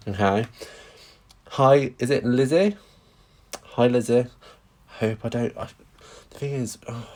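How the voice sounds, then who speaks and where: A man's voice: lowish voice, a little mellow. A man chatting casually through a live-stream stamping craft demonstration, greeting viewers and making self-deprecating asides.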